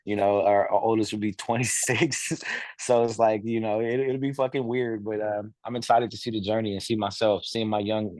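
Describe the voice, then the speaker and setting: Man, 30s, deep and monotone, dry close sound, loose rambling delivery on a video call. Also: dry recording. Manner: rambling, with many filler phrases and some swearing. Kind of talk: casual personal sharing.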